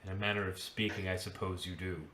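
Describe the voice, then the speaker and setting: A man's voice: sits low, roomy sound, a little hiss or hum. A man voicing an aloof, dry-witted father to a grown child during a tabletop game. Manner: dry, unhurried, deadpan. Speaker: game master.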